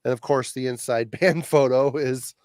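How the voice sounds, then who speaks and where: A man's voice: mid-range voice, steady tone, moderate pace, a little mellow, no echo, studio quality. A man co-hosting a casual podcast chat, talking loosely with jokes and laughter.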